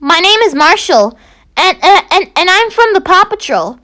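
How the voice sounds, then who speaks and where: A woman voicing an eager young male Dalmatian pup in a fan-read story, halting and stumbling over his words. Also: very high voice, big pitch swings, sharp tone, pitched above the performer's own voice, exaggerated voice.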